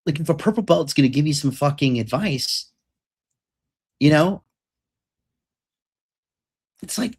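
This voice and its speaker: A man's voice: fairly high pitch, very animated, a little slow, long pauses, breathy edge. A man coaching on dating and success in a ranting monologue, profane, boastful and combative.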